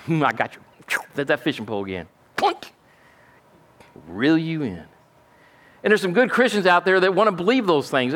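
High-voiced preacher. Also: male voice, fairly bright tone. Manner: folksy, emphatic preaching with frequent "amen?". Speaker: pastor. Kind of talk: sermon.

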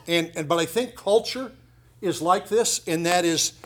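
A middle-aged pastor preaching a sermon in a conversational way, with lively asides and emphasis. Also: male voice, high-pitched, measured pace, breathy edge.

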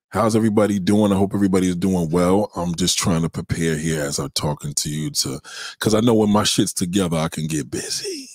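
A man hosting a casual livestream, giving shout-outs to viewers and ranting in a profane, confrontational way. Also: lowish voice, dry recording, clean studio sound. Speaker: livestream host.

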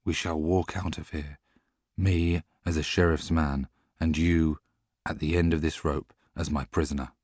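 A man reading an audiobook, voicing a bold, defiant young male outlaw who turns loud and commanding when he shouts. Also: a bass voice, little pitch movement, measured pace, no room sound, clean studio sound. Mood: earnest. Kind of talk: audiobook character voice.

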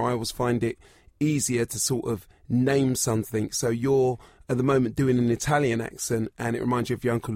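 A man's voice: mid-range voice, a little mellow, no room sound, studio quality. A man co-hosting a casual podcast chat, telling rambling anecdotes. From grew up in a Nigerian household, Britain. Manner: rambling, storytelling. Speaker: podcast co-host.

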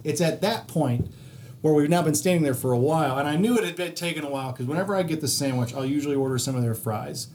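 Profane, animated male podcast storyteller. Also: on the high side, quick pace, a little hiss or hum. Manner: profane, animated anecdote-telling with quoted voices. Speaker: podcast co-host. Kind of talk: casual storytelling.

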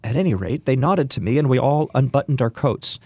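Gravelly-voiced man telling a story. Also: mid-range voice, expressive, a little fast, dry recording. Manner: wry, gently humorous storytelling. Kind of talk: story narration.

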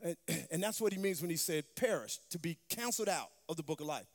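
A woman's voice: fairly low pitch, expressive, fast talker. A woman preaching a sermon, emphatic, calling out for responses from the congregation. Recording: long hall reverb.

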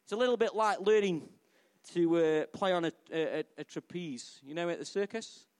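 A middle-aged pastor delivers a sermon in a lively, chatty style, often turning to the congregation with questions. His voice sits a little higher than most men's. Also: moderate pace, clean tone. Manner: animated, conversational preaching with questions to the congregation.

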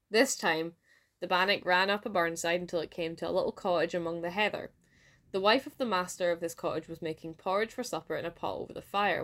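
A woman with a Scottish accent narrating a folk tale aloud in a lively storytelling manner. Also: on the low side. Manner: lively read-aloud with voiced dialogue.

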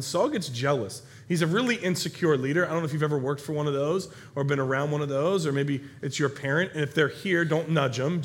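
A man with a high voice preaches a sermon, telling a Bible story in a lively, conversational way. He acts out the characters' lines, rising in pitch and volume as they shout. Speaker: pastor.

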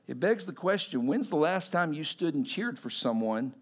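Man, preacher, sermon, animated storytelling, high-pitched voice. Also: normal speed, husky. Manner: animated storytelling, acting out quotes.

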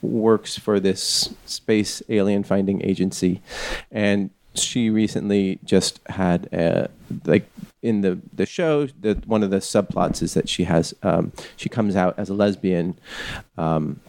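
A man's voice: low-pitched, slow, a little mellow, no echo. A man hosting a podcast in casual chat, rambling and hesitant with lots of fillers. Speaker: podcast host.

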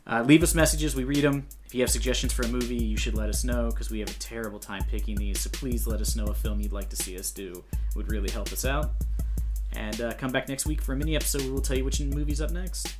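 A man's voice: medium pitch, fairly even intonation, fast talker, over music. A man co-hosting a movie podcast, chatting casually and joking about the film. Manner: jokey, laughs and mimics characters. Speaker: podcast co-host. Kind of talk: casual movie review chat.

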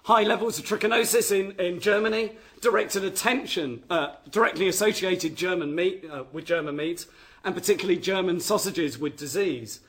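High-pitched and fairly bright, a man's voice moves at a moderate pace through an academic history lecture. He sticks to his notes and repeatedly restarts what he's saying.

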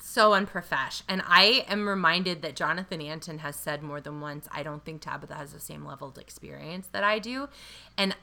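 Woman co-host, casual recap chat, bright edge, lower pitch, animated and profane. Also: vocal fry. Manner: animated, swears freely, quick asides. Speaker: podcast co-host.

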